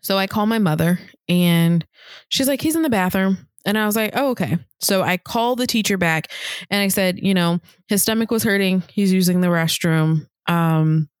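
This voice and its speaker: A woman in her thirties co-hosting a podcast, telling a story casually and acting out the people she quotes in higher voices. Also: moderate pace, clean tone, no room sound, studio quality. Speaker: podcast co-host.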